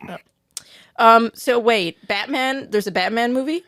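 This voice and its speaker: A woman's voice: fairly high pitch, a little slow, a bit bright, no echo, studio quality. A woman co-hosting a podcast in casual chat, giggly and playful, often quoting song bits. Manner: giggly, playful, quotes and hums bits of songs. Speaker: podcast co-host.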